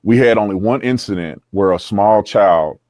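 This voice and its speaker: A man's voice: on the low side, normal speed, a little mellow, dry recording, studio quality. A man earnestly recounting a church trip in an interview, with stumbling restarts. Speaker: interview guest.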